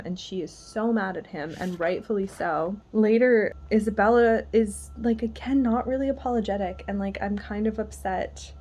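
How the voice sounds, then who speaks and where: A woman's voice: mid-range voice, normal speed, few pauses, dark tone, slight background noise. A woman vlogger chatting casually about what she is reading, gushing and chatty, with lots of "like". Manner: gushing, chatty, heavy use of "like". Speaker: book vlogger. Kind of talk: casual reading vlog chat.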